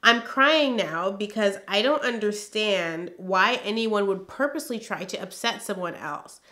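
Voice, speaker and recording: A woman with a bright, clear voice reads her old journal aloud for a storytime vlog. She stops often for emphatic, exasperated comments of her own. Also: mid-range voice, animated, measured pace. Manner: emphatic, exasperated asides between read-out passages.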